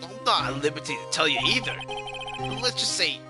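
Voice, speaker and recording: A performer voicing a scruffy, gruff middle-aged male police detective who talks in a folksy way and keeps calling people pal, over loud game music. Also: medium pitch, animated, brisk, close to an everyday voice. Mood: guarded.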